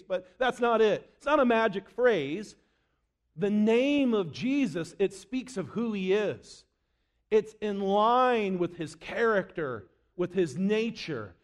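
A man preaching a sermon, dropping low and quiet for quoted scripture and rising for emphasis. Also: animated, unhurried.

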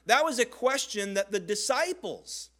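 A man giving a sermon as a pastor, earnest and conversational, with dramatic pauses. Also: very high voice, big pitch swings, a bit bright.

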